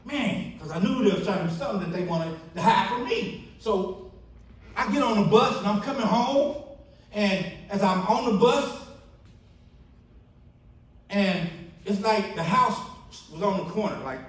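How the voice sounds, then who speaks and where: A man's voice: sits high, measured pace, long pauses, recorded from a distance. Storytelling man in an echoey hall. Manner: storytelling, acts out quoted friends in animated bursts. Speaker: keynote speaker. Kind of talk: testimony speech at a banquet. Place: church banquet hall.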